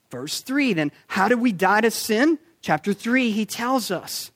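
A man preaching a sermon, emphatic, asking rhetorical questions and slowing down to stress key points. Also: sits high, animated, a bit bright.

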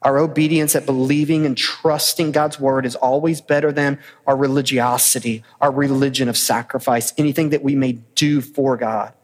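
A pastor preaching a sermon in a pointed, challenging way, with rhetorical questions and casual asides. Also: male voice, mid-range voice, fairly even intonation, moderate pace, hardly any pauses, big-room sound. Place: church sanctuary.

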